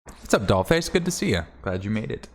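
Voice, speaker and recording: Deep-voiced man streaming a game. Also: very animated, brisk, gravelly. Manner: rambling, thanks viewers, swears casually. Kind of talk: casual livestream chat while gaming.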